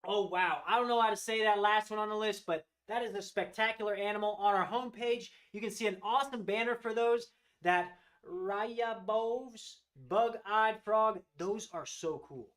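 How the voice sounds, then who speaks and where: High-voiced, excited man hosting a live sale. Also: normal speed, few pauses. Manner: enthusiastic, gushing over animals. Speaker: host of a live reptile sales show. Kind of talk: live-stream product showcase.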